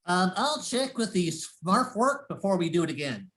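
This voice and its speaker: A man's voice: high voice, big pitch swings, normal speed, a bit bright. A man doing a fussy nerdy Smurf producer. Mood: nitpicky. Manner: pedantic, nitpicking. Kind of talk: comedy sketch acting.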